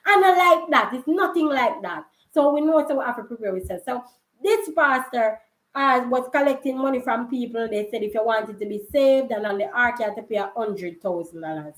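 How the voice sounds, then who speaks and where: A young Jamaican woman telling a story in a casual vlog, chatty and quick to laugh, slipping into patois. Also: fairly high pitch, lively intonation. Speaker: vlogger. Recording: roomy echo.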